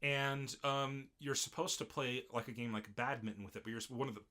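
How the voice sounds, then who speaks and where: A young man co-hosting a casual podcast, recapping an anime episode with animated retellings of scenes. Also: mid-range voice, fairly quick. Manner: animated, acts out character lines in shifting voices. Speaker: podcast co-host.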